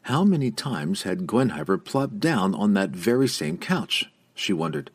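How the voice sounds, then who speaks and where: A man reading a fantasy novel aloud as narrator, with an expressive, varied delivery. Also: on the low side, a little slow, slightly rough, no room sound. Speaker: audiobook narrator.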